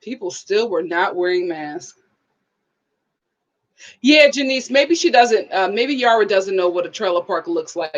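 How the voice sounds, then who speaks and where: A woman's voice: medium pitch, a little slow, pauses often, lo-fi sound. A woman hosting a live review stream, chatting casually with viewers and reading their comments aloud in a playful way with frequent laughs. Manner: animated and playful, laughs often.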